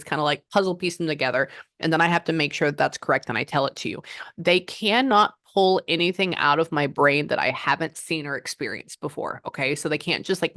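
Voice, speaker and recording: A woman from Houston, Texas, with a Texan accent, works as a psychic medium and chats with a client about how channeling works. Her deep, slightly bright voice rambles with lots of fillers and sometimes drops to a whisper. The recording is clean studio sound with no room ambience.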